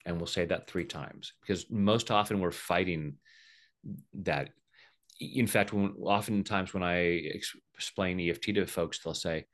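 A man's voice: mid-range voice, lively intonation, normal speed, fairly bright tone. A middle-aged man explaining and demonstrating tapping with a playful manner, often acting out the voices of the people he quotes. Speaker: EFT tapping practitioner, guest.

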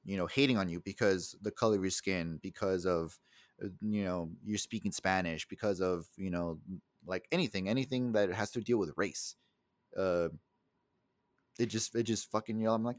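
This young podcast co-host from the El Paso area, USA, tells a story in a casual, heated, swear-filled way. He has a low voice at a normal speed, with no echo.

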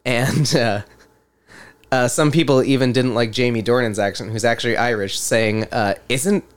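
A man's voice: mid-range voice, steady tone, moderate pace, clean tone. A man hosting a podcast in casual chat, laughing often as he reads out quotes. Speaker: podcast host.

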